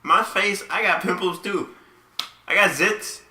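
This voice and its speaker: A man's voice: sits high, unhurried, sharp tone, roomy sound. A man hosting a casual podcast, talking in a laid-back, slangy way and laughing often. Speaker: podcast host.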